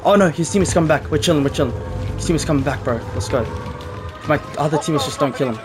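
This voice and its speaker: A man's voice: fairly high pitch, fast talker, music in the background. A man giving frustrated, profane gameplay commentary, repeating himself as he plays. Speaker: gaming video creator. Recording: gunfire from the game behind him. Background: game gunfire.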